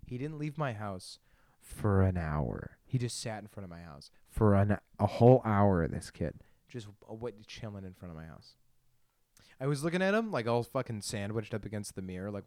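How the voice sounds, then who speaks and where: A man's voice: on the low side, darkish tone, dry recording, studio quality. Crude young man rambling on a podcast. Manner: crude, laughing, self-deprecating storytelling. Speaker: podcast host. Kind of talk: rambling solo podcast monologue.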